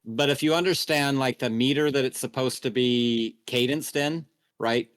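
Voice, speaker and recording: A man's voice: medium pitch, normal speed, no room sound, clean studio sound. Rambling Upper Midwest man, hesitant. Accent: Upper Midwest American. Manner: rambling, heavy on filler "like", hesitant. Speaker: podcast co-host. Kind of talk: improvised storytelling brainstorm.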